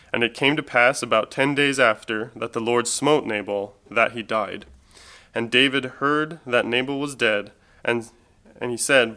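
Man reading scripture, bright voice. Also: medium pitch. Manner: steady, measured reading of old-style scripture. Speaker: scripture reader.

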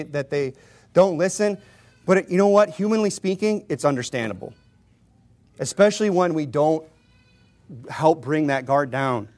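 A man preaching a sermon in a casual, joking way, acting out doorstep conversations. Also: fairly high pitch. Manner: self-deprecating humor, chuckles often. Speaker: pastor.

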